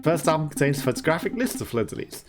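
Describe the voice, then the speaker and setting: A man's voice: fairly high pitch, sing-song, fast. A man hosting a let's play, giving chatty, amused gameplay commentary and laughing often. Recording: voice over game music.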